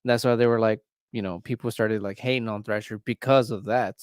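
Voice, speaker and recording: A man's voice: fairly low pitch, fairly even intonation, brisk, clear, resonant tone, no room sound, clean studio sound. A man hosting a livestream, chatting casually and rambling with lots of "like" fillers. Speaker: livestream host. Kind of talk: casual chat.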